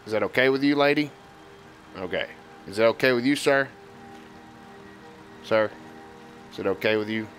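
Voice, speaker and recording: A man's voice: fairly low pitch, fairly bright tone. A man streaming a video game, rambling and joking in casual commentary and talking back to the characters on screen. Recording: game music playing under the voice.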